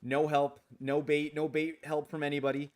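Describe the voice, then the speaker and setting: A man's voice: on the high side, little pitch movement, moderate pace. A man streaming a game late at night in casual chat, rambling, restarting his sentences, grumbling at the game and answering viewer comments aloud.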